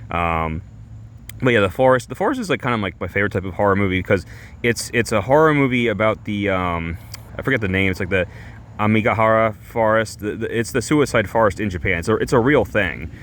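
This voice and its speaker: A man streamer telling a rambling comic story, halting and full of fillers and restarts. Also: on the low side, expressive, fairly bright tone. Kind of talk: rambling comedic monologue.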